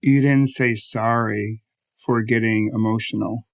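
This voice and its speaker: A man hosting a podcast, gentle and affirming as he talks with his guest. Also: lowish voice, steady tone, a little slow. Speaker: podcast host. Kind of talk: interview conversation.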